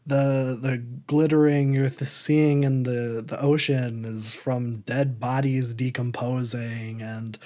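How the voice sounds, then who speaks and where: A man's voice: medium pitch, little pitch movement, slow pace, few pauses, mellow, natural voice. A man voicing a brooding, sardonic man on a ship, grim and lecturing, close to his own voice.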